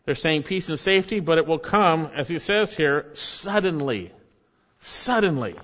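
Preaching man in a reverberant hall. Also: moderate pace. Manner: earnest preaching, dropping low and soft for emphasis. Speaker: pastor. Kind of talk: sermon. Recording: dull sound with long hall reverb.

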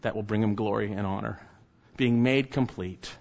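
A man preaching a sermon as a pastor, emphatic, firing off rhetorical questions and letting his closing words fall soft and low. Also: normal speed, creaky. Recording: slightly dull lo-fi sound.

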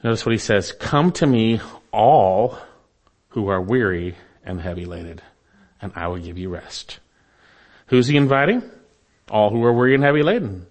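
A man preaching a sermon as pastor, earnest and deliberate, slowing down and dropping softer at the ends of phrases for emphasis. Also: lowish voice, lively intonation.

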